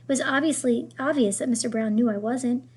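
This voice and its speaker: A woman reading a children's novel aloud in an expressive storytelling manner. Her voice is on the higher side and slightly breathy. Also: fairly quick. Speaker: reader.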